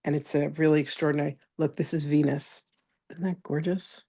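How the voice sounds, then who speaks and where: Low-voiced woman leading a spiritual class. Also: steady tone, brisk, husky. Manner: warm chatty storytelling, greets attendees by name. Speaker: spiritual teacher and channel. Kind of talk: live online masterclass talk.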